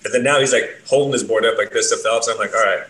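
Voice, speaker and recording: A man's voice: mid-range voice, fairly even intonation, fast, fairly bright tone. A man telling rambling road stories in casual chat, with loose, profane phrasing. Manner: laid-back, rambling, profane. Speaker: bassist. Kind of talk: casual storytelling, heavy swearing. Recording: roomy echo, faint noise.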